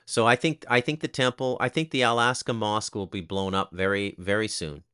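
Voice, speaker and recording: A man with a lowish voice and a bright, cutting edge talks off the cuff in a casual commentary. He is blunt and crude, and he jabs sarcastic asides at the listener. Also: steady tone, brisk, clear, resonant tone. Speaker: host.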